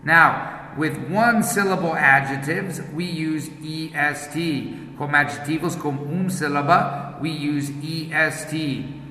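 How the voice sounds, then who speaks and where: A man gives an English grammar lesson at a very slow, careful pace. His voice is very bright and slightly high. It rings in a roomy space with a long reverb tail. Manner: explains each step slowly and plainly. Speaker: English teacher. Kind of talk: slow, deliberate classroom explanation. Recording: echoey room with long reverb.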